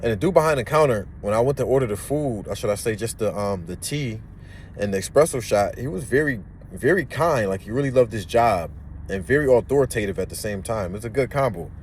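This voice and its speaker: A young man tells a personal story in a relaxed, casual way and slips into the voices of the people he met. His voice sits at an average pitch, and faint traffic noise hums in the background. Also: brisk. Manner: animated, acts out voices in the story.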